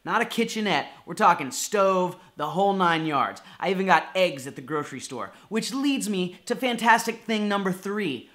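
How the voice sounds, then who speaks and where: A man's voice: sits high, lively intonation, normal speed, few pauses, fairly bright tone. A young man narrates his travels to camera in a casual vlog style. He is upbeat and chatty, and he talks straight to his viewers as he goes. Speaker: travel vlogger.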